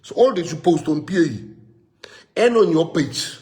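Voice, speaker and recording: A man's voice: on the high side, sing-song, a little slow, a little mellow. A middle-aged South African man giving a live-streamed rallying talk to party members, switching between Afrikaans and English and telling stories. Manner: mixes Afrikaans and English, storytelling.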